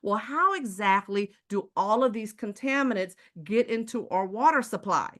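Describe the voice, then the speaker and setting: Texan woman giving a preachy sales pitch. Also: animated, moderate pace. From Houston, Texas. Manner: preachy, rhetorical questions to the audience. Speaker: water filter seller. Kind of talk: sales presentation to a live chat audience.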